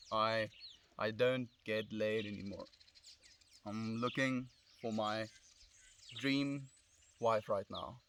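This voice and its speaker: Sitting under a tree in the sun, a young South African man chats casually on a phone live stream, his fairly low voice carrying a South African accent. Relaxed and reflective, he answers comments warmly and addresses viewers as "friend," with a little background noise in the recording.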